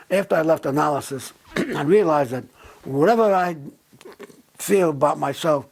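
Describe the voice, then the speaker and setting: A man, a jazz trumpeter telling blunt, animated stories about his life. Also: a little high, normal speed, creaky. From Brooklyn, New York. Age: 90s. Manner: blunt, animated storytelling with bursts of laughter. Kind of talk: candid reminiscing.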